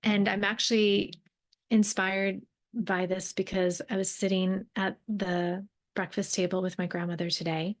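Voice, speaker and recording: A young adult woman hosts a reflective solo podcast as a host and mentor, talking earnestly and conversationally while often rephrasing and using fillers. Her medium-pitched voice moves little in pitch and keeps a measured pace.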